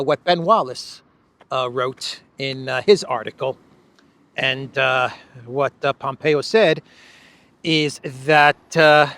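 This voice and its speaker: A man hosting a casual political commentary show, talking at a slow, deliberate pace in a slightly high voice. He is sarcastic and playful, laughing at his own points and stretching words out for emphasis. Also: a bit bright, no echo. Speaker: host.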